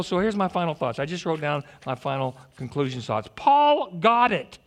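A man preaching a lively sermon, joking, stammering and restarting his sentences. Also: a little high, moderate pace, hardly any pauses. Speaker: pastor.

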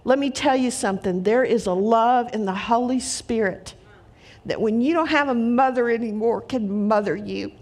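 Middle-aged female preacher, earnest storytelling sermon voice, slightly high.

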